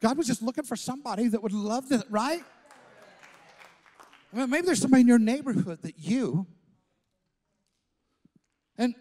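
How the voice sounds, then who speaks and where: A man, a pastor, telling a story in a sermon, acting out the voices and swinging from loud to hushed. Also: high voice. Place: church stage.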